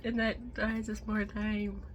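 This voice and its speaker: A young woman ranting casually in a home vlog, swearing and frustrated, jumping between loud outbursts and low muttering. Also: monotone, takes it slowly, a little hiss or hum. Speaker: vlogger.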